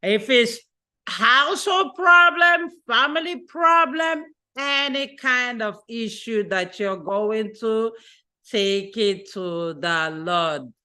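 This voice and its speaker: A woman telling a children's story during a church worship service, addressing the children directly in an animated, expressive way. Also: a little high, slow pace, smooth.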